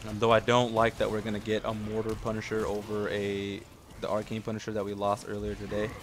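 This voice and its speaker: A young man with a lowish voice commentates his own gameplay, excitable and casual. He yells at teammates and swears, then shifts to calmly explaining strategy.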